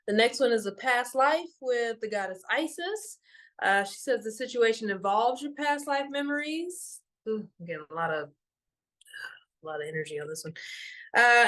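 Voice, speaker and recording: A young woman talks casually as a spiritual teacher, her voice at a medium pitch. She speaks loosely and with feeling, filling her sentences with ums and likes. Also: a bit bright. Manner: emotional, loose, many fillers. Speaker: meditation teacher and card reader.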